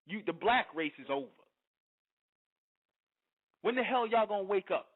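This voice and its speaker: A man with a fairly high voice holds forth as a radio host, pressing each point with preacher-like force. He keeps checking that the listener follows him. His voice comes through narrow and tinny, like a phone line. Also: lively intonation, normal speed. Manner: forceful and emphatic, often asks "you understand?".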